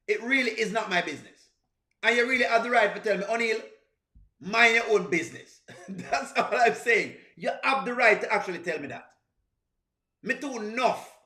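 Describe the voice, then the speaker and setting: A man with a Jamaican accent hosts a reaction livestream, chatting casually with his live viewers, laughing often and repeating phrases. His voice sits high and sounds pushed and bright, with a roomy sound.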